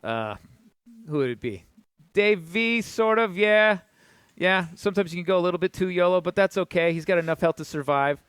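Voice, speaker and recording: A man's voice: high-pitched, lively intonation, moderate pace, a bit bright, clear, resonant tone, no echo, studio quality. A man giving enthusiastic color commentary on an esports match, explaining characters and equipment. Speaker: esports co-caster, game analyst.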